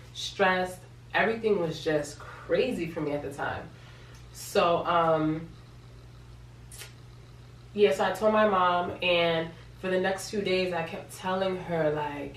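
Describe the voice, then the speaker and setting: A woman's voice: on the low side, fairly bright tone. A young woman from New York tells a personal story in a casual vlog. She is emotional and repeats words for emphasis. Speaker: vlogger. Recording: echoey room, from a distance, faint hum.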